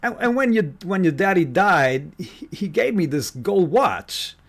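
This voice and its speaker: A man's voice: sits high, big pitch swings, voice pushed up, full character voice. A man putting on a New York gangster voice, quoting a film character. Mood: menacing. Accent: New York, put on. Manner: loud, drawn-out, halting delivery.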